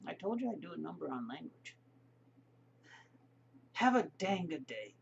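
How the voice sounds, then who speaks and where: A man's voice: a little high, big pitch swings, moderate pace, creaky, highs cut off, a little hiss or hum. A middle-aged man talking in a rambling, folksy, opinionated way, vlogging from his home. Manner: chatty, opinionated, folksy asides. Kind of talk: casual rambling monologue.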